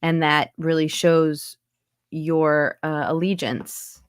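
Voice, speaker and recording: Speaking from her home in Montreal over a video call, a woman accent and dialect coach is the guest in a casual interview, filling her talk with fillers and restarts. Her deep voice is flat and slow, with a clean studio-quality tone and no room sound.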